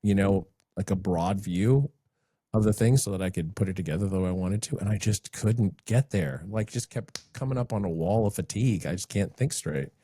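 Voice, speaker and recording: A middle-aged man hosting a podcast, talking in a relaxed, halting way with chuckles and restarts. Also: fairly low pitch, slightly rough, no room sound. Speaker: podcast host. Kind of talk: casual podcast chat.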